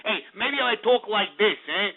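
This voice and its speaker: A man's voice: high voice, expressive, normal speed, gravelly. A man mocking a brash, swaggering young Jersey Shore party guy with a thick tough-guy drawl that tags every line with "eh?". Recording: tinny phone-line radio.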